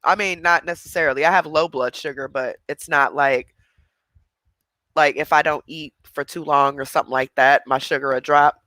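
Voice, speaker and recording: A man's voice: fairly high pitch, steady tone, normal speed, pushed and bright, dry recording. A man hosting a livestream, chatting casually with viewers and laughing often. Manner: chatty, laughing, responding to chat. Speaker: livestream host.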